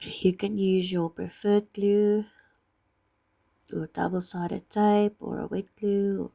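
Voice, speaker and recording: A woman with a husky voice from being ill, patiently explaining each step of a craft project. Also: medium pitch, little pitch movement, slow pace, dark tone. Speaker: craft tutorial maker.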